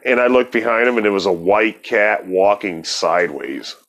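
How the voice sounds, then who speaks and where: A man's voice: fairly low pitch, expressive, moderate pace, a bit bright. A man telling a long, rambling personal story in casual, profane talk, laughing now and then.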